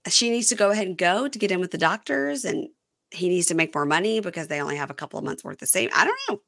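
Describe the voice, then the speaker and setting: A woman's voice: lowish voice, expressive, fast, vocal fry, fairly bright tone. A woman hosting a casual chat, recapping a reality show and acting out the cast's lines in quoted voices. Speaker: podcast host.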